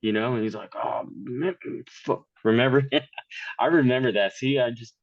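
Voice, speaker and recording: A man's voice: mid-range voice, fairly even intonation, moderate pace, no room sound, highs cut off. A man in his thirties, a podcast guest, chatting casually in a blunt, profane way and laughing often. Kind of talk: casual chat.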